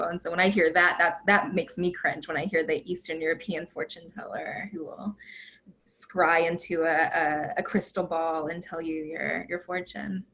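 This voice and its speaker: This is an American woman in her thirties leading an informal class discussion, with a lowish voice. She talks in a chatty, animated way, full of fillers and restarts. A faint hum of background noise sits under her. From United States. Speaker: guest lecturer. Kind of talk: casual academic talk.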